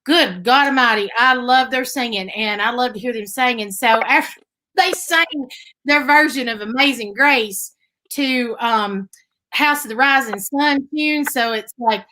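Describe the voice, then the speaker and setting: A woman's voice: a little high, unhurried, bright, forceful tone, a little hiss or hum, low-quality recording. A woman with a Southern accent from Tennessee, a guest musician chatting casually and telling stories in folksy phrasing over a video call. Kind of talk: casual chat.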